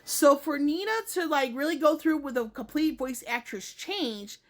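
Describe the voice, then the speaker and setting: A woman's voice: high voice, animated, moderate pace. A woman hosting a casual gaming opinion vlog, talking in a rambling way and often stopping to correct herself. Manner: rambling, self-correcting, many fillers. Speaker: gaming video host.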